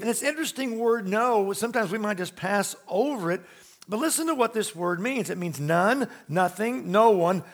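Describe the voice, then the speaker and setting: A man's voice: high voice, a bit bright. A man preaching a sermon to a congregation in a church, emphatic and conversational, asking rhetorical questions. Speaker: pastor.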